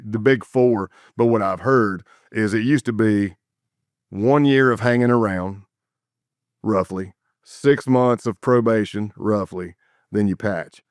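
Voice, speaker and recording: A man's voice: fairly low pitch, dry recording, clean studio sound. A middle-aged man, a former undercover agent telling stories as a guest and animatedly acting out the people he quotes. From South Carolina, United States. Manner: animated storyteller who acts out quoted voices. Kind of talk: casual storytelling interview.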